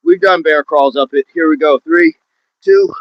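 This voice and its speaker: A fitness livestream host exercises on a hill during a live outdoor workout, counting down reps and calling out chat viewers by name. He speaks at a moderate pace in a fairly high voice, and the audio sounds dull.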